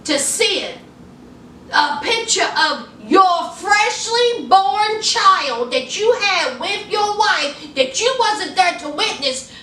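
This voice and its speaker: A woman recapping a reality show in a sassy, animated way, talking straight to her viewers. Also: high voice, distant mic. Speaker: TV recap vlogger. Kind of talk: sassy casual recap monologue. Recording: echoey room, a bit off-mic, faint room noise.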